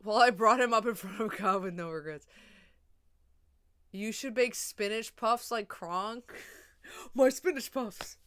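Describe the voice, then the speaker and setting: A young woman chatting casually on a livestream, rambling and swearing, a little drunk and high. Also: a little slow, pauses often, fairly bright tone.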